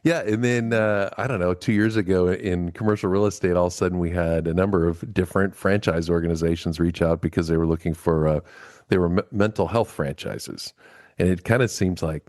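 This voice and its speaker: A man's voice: low voice, a little mellow, dry recording, clean studio sound. A man co-hosting a podcast interview, chatting in a loose, rambling way.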